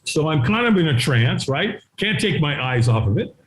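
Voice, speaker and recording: A middle-aged man telling a story as an interview guest, acting out the voices of people in it and sometimes shouting. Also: on the high side, sing-song, normal speed. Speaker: guest, firewalking instructor. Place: his home.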